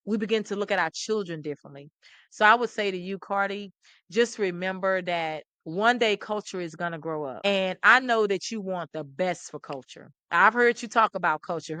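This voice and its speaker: A middle-aged woman host, talking with animated, preachy emphasis and repeating phrases. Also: lowish voice, normal speed, clean tone, no room sound. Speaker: talk show host. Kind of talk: impassioned commentary to camera.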